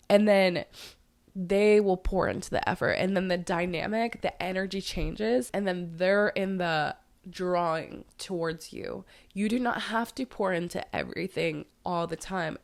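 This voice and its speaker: Raspy-voiced woman giving relationship advice. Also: lowish voice, measured pace. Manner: earnest advice-giving, repeats phrases for emphasis. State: hoarse, voice tired. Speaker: podcast host. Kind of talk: solo podcast talk.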